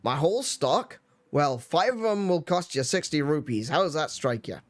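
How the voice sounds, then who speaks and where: A man's voice: a little high, lively intonation, moderate pace, faint music behind, close to an everyday voice. Shopkeeper, male, cheerful salesy patter, put-on accent, read by a man playing a game. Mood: chipper.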